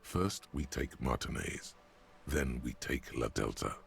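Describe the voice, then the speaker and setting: A man voicing a wry, deadpan narrator in a detective video game, with a dry, sardonic delivery. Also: rumbling low, unhurried, vocal fry, faint music behind, full character voice.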